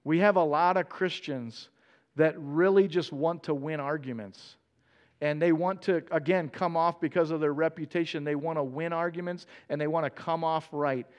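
A man preaching a conversational sermon, earnest and animated in his storytelling. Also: a little high, normal speed.

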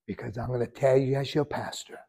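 A male pastor, preaching a sermon and telling a story with sudden loud surges and hushed drops. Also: mid-range voice, fairly even intonation, fairly quick, creaky.

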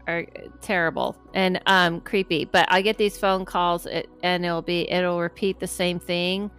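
A woman's voice: medium pitch, clean tone. A middle-aged woman hosting a podcast, chatting casually and animatedly, acting out the voices in her stories. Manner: animated storyteller who acts out quoted voices. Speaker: podcast host and medium.

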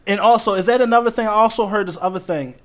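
Animated, loud-laughing man in casual chat. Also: high voice, quick pace. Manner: loud, animated storytelling with frequent laughter and profanity.

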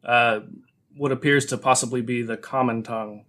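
A man narrating a tabletop game as game master, relaxed and laughing along with the players. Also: mid-range voice, normal speed.

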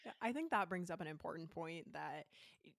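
A woman co-hosting a podcast, making a thoughtful, measured point. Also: fairly low pitch, expressive, creaky, fairly bright tone, no echo, studio quality. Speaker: podcast co-host. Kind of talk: casual podcast conversation.

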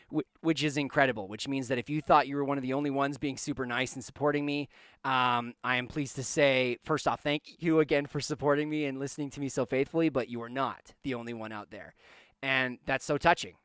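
A man's voice: mid-range voice, fairly bright tone, smooth, no echo. A man hosting his own podcast from a basement studio, talking earnestly and rambling with restarts while he hiccups and coughs. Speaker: podcast host. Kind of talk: casual solo podcast monologue.

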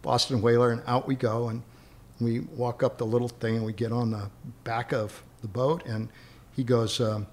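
A man with a rough, gravelly voice spins long anecdotes as an interview guest. He rambles from one memory to the next and chuckles along the way. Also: medium pitch, steady tone, normal speed. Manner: rambling, chuckling as he recalls stories. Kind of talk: anecdotal storytelling.

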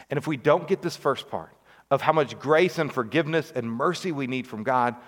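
A man delivers a sermon in a relaxed, conversational way, often checking in with the congregation through quick rhetorical questions. He sits at a middle pitch. His voice rings out with the long reverb of a large church sanctuary. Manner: conversational, with frequent rhetorical questions and "right?" asides. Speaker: pastor.

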